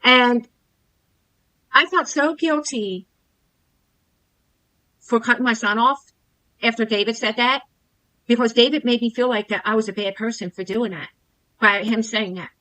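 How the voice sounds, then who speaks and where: Bright, fairly high-voiced middle-aged woman. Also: normal speed, long pauses, low-quality recording. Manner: earnest, repeats herself, emphatic on grievances. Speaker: former coaching client telling her experience. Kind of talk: personal testimonial to camera.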